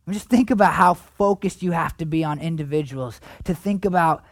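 A man's voice: on the high side, fairly quick, dry recording. Conversational male pastor preaching. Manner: conversational preaching, swings from animated to hushed. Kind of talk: sermon.

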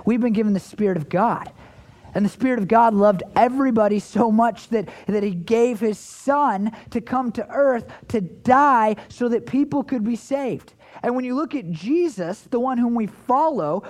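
A male pastor preaches earnestly and repetitively, often restarting phrases. He swings his pitch up and down for emphasis.

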